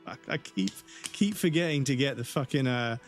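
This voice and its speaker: A man's voice: mid-range voice, normal speed, faint music behind. A man chatting casually while streaming a game, rambling and swearing freely.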